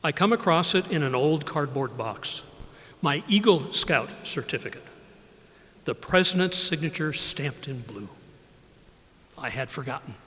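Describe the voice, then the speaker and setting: An older man reads his own poetry aloud at a live library event, taking his time and letting many lines fall quiet. His voice sits a bit high for a man. The room gives a long, lingering reverb around every phrase. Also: expressive. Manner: measured, unhurried reading with soft drops in level. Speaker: poet reading his work.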